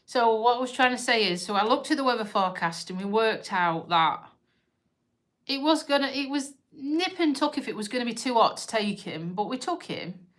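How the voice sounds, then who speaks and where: A woman's voice: on the high side, lively intonation, moderate pace, fairly bright tone. A woman hosting a live stream, talking casually and emotionally, tearful and rambling as she interrupts herself. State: crying on and off.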